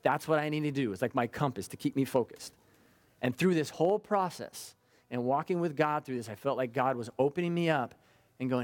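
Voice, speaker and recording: A man's voice: medium pitch, fairly quick. Fervent preaching man. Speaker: pastor. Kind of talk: sermon.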